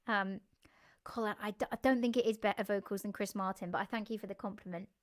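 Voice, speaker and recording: A young woman, a musician, chatting casually and warmly with her live stream viewers, laughing often and thanking them by name. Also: medium pitch, fairly even intonation, a little fast.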